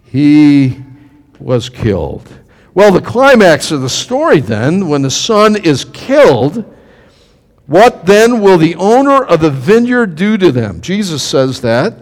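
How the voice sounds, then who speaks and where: A high-voiced man preaches with a lot of movement in his pitch, swinging from hushed lines to sudden cries. He acts out the voices in the story and throws questions to his listeners. The sound carries a long reverb, as from a big hall. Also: slow pace. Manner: animated, acts out quotes, asks the congregation questions. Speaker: pastor. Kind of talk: sermon.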